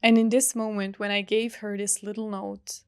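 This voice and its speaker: A young woman hosting a reflective solo podcast, talking softly and earnestly with long pauses. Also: medium pitch, little pitch movement, clean tone, no echo. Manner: soft, earnest, heartfelt, with drawn-out pauses. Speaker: podcast host.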